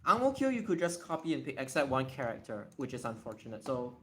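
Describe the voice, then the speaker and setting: Quick-paced, pushed, and bright, this man's medium-pitched voice swings widely in pitch. He's hosting a casual livestream Q&A on Japanese readings, thinking aloud and restarting or repeating words as he checks how they sound.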